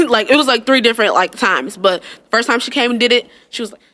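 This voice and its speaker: A woman's voice: fairly high pitch, a little fast, pushed and bright. A woman co-hosting a casual chat, telling stories with a sarcastic, laughing, profane manner. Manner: storytelling, sarcastic, swears and laughs often. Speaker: podcast co-host.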